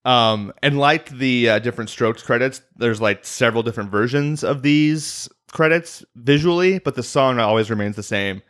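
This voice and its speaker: A man's voice: medium pitch, normal speed, hardly any pauses, a bit bright. A man co-hosting a podcast in casual chat, rambling and laughing often. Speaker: podcast co-host.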